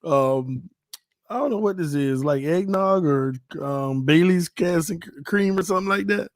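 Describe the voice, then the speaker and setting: Brief: a slightly tipsy man, playful fan host, fairly high-pitched, laughs a lot. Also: unhurried, no room sound, clean studio sound. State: a little tipsy. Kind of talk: casual livestream chat.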